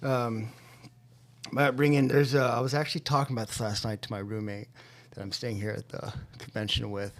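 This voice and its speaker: A man's voice: medium pitch, flat delivery, a little fast. A man from California, a podcast guest, telling his recovery story in an earnest, heartfelt way.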